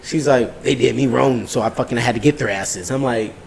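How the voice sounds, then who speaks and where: A man co-hosting a podcast, telling a story in a casual, animated way, full of swearing and acted-out quotes. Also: mid-range voice, fairly quick, gravelly, slight background noise, rough recording. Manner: animated, profane, acts out quotes. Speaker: podcast co-host.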